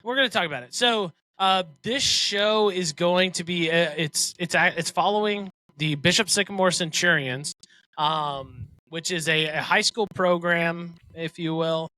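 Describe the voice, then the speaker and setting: A man's voice: a little high, measured pace, sharp tone. A man co-hosting a casual podcast, chatting, laughing often and reading a synopsis aloud. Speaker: podcast co-host. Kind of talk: casual chat.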